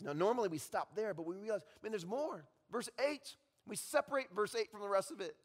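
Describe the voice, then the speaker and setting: A high-voiced male pastor preaching in a big church hall, the long reverb trailing after each phrase. He tells stories and often drops to a hushed voice. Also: a little fast, hardly any pauses. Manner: storytelling with sudden drops to a hushed voice. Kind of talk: sermon.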